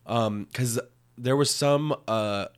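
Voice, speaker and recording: A man's voice: mid-range voice, slow. A man from the United States chatting casually as a podcast co-host, rambling and joking, laughing often. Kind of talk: casual chat.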